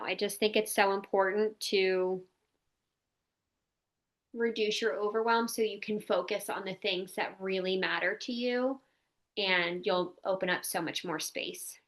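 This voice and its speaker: A woman's voice: mid-range voice, fairly even intonation, measured pace, fairly bright tone. A woman in her thirties hosting a podcast, talking candidly and casually, with lots of "like" and the odd swear. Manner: candid, chatty, peppered with "like" and mild swearing. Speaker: podcast host.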